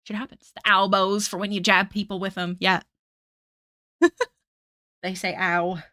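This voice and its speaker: A woman's voice: medium pitch, level tone, unhurried, pushed and bright, no echo, clean studio sound. A young woman chatting casually with her stream while she draws, rambling and self-deprecating as she reads chat aloud at night. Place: home room at night. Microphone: desk mic.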